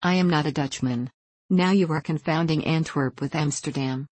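Woman reader voicing a proud male mill owner, dry, ironic, low voice, dry close sound. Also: moderate pace, a little mellow, husky, no room sound, low-quality recording. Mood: wry.

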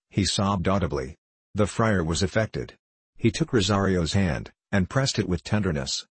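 A man narrating a gothic novel in measured, formal storytelling. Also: low-pitched, husky, no echo. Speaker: audiobook narrator.

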